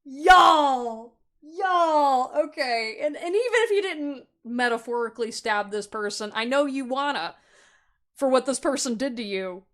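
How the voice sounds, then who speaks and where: A young adult woman giving a casual pick-a-card tarot reading, chatty and excitable, breaking into loud laughs. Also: a little high, normal speed. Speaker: tarot reader.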